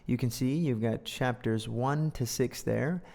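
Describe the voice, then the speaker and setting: This man's voice is gravelly and darkish, medium in pitch and a little slow. Chatty and playful, he laughs often while reading a storybook aloud as a casual English lesson, cracking jokes about the illustrations. The room has noticeable reverb.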